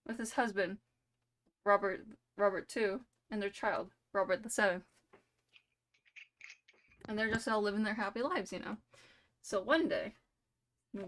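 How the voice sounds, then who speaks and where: A woman's voice: medium pitch, fairly bright tone. A woman streamer telling a silly made-up story during a live game, rambling and playful, full of "like" and "you know".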